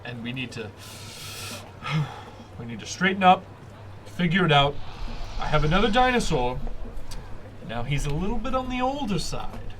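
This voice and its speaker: A man's voice: fairly high pitch, sing-song, normal speed, long pauses, fairly bright tone, a little hiss or hum. A man voicing an adult male dinosaur-racing patron, a blunt gambler who curses casually and restarts his phrases. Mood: earnest. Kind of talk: game master voicing a character.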